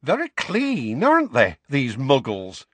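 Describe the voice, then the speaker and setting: A man voicing a cheerful, nosy young witch in a storybook reading, chatty and lively. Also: takes it slowly, dry recording, full character voice. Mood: curious. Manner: chatty, lively, high-pitched.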